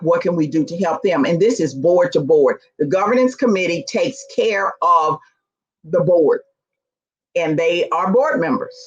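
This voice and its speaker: A woman's voice: fairly low pitch, breathy edge. Emphatic woman giving a conference talk. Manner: lively, storytelling, emphatic. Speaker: conference speaker on nonprofit boards. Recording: dull lo-fi recording.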